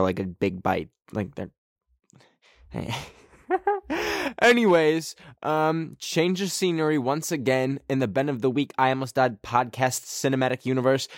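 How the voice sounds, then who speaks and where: A man hosts a casual solo podcast from a darkened bedroom. He rambles and mocks himself, and his pitch jumps up without warning. The sound is dry and close, with no room echo. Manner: rambling, self-mocking, with sudden jumps in pitch. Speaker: podcast host.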